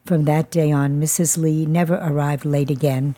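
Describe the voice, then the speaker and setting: Woman with a low mellow voice, reading her own story out slow and careful, scripted narration. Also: fairly even intonation. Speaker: narrator reading a personal testimony. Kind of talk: scripted first-person narration.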